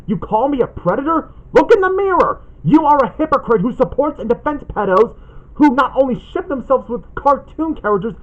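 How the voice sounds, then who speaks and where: A man's voice: very high voice, animated, a little fast. A man ranting in an indignant, accusatory callout vlog, reading posts aloud. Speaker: channel host making a callout video. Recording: dull lo-fi sound.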